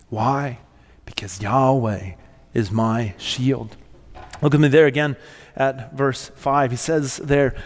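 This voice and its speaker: A middle-aged man preaching a sermon in a church, earnest and storytelling, often dropping to a soft near-whisper. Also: on the high side. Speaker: pastor. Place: church sanctuary. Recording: long hall reverb.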